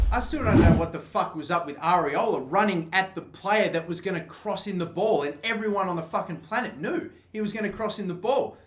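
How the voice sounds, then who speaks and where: A young man commentating his own football video game match, swearing constantly and swinging between exasperation and excited yelling. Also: a little high. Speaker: gaming channel host. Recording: echoey room with faint background noise.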